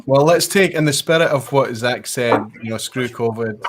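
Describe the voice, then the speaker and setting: A man hosting a casual chat, talking in a measured, reflective way. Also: mid-range voice, a crowd in the background.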